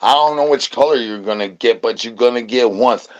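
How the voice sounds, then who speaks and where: A man hosting a livestream, talking to his chat in goofy rhyming nonsense with singsong repeats, swinging between low mumbles and loud shouts. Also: a little fast, muffled recording. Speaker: livestream host. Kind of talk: rambling comedic stream chatter.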